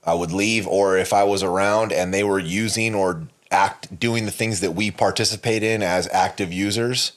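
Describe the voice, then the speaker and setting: A man's voice: low voice, steady tone, normal speed, hardly any pauses. A man co-hosting a podcast, telling a candid personal story in a rambling way, with many fillers and restarts and frequent swearing. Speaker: podcast co-host.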